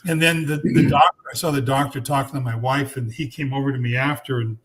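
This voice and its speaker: A man in his sixties, a podcast guest, telling a personal story frankly and earnestly, with blunt language and halting restarts. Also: mid-range voice, fairly even intonation, a bit bright.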